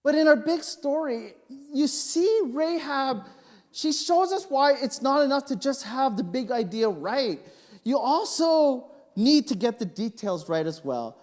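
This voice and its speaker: A male pastor preaching a sermon, telling personal stories in an animated, joking way. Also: extremely high pitch, measured pace. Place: church sanctuary. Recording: long reverb of a church hall.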